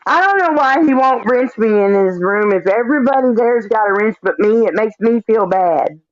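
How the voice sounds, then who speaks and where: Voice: medium pitch, expressive, normal speed, no echo. A livestream guest in casual chat, telling stories bluntly and swearing freely. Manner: blunt, profane storytelling. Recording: dull lo-fi stream audio.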